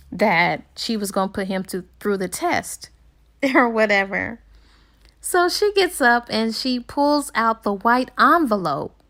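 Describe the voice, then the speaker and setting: Woman, book reviewer, casual plot retelling, chatty, slow, fairly high. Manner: chatty, with fillers and small laughs.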